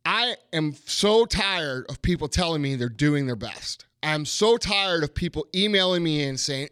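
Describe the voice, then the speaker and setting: A man's voice: on the high side, big pitch swings, moderate pace, few pauses, fairly bright tone, clear, resonant tone, dry recording, clean studio sound. Blunt, profane male podcast host. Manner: repetitive, punchy rhetorical questions. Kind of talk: motivational podcast monologue.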